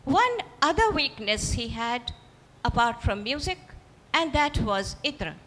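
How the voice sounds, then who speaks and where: A woman reading her own fiction aloud at a literary festival, expressive and speaking directly to the audience. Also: on the high side, measured pace. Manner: expressive, storytelling, addresses audience. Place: festival auditorium. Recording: reverberant hall.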